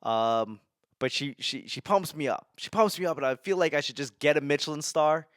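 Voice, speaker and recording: Here the same kind of casual monologue comes from a young podcast host out of New England, full of self-deprecating jokes, frequent cursing and laughter. His voice runs on the high side at a normal speed, a bit bright and smooth, captured in a dry, studio-quality recording.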